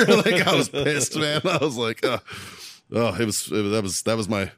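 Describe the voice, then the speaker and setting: A man in his thirties telling barracks stories on a podcast, profane and animated, often breaking into laughter. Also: mid-range voice, moderate pace, no echo, clean studio sound. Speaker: podcast co-host. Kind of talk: casual storytelling.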